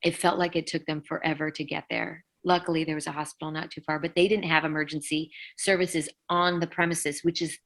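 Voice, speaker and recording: A middle-aged woman, a former band singer, telling an emotional story in an interview, halting, with many fillers. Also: low voice, little pitch movement, fairly bright tone.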